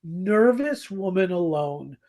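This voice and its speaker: A podcast co-host in casual, animated chat who laughs easily and acts out quoted lines. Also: mid-range voice, takes it slowly. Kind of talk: casual chat about a radio drama.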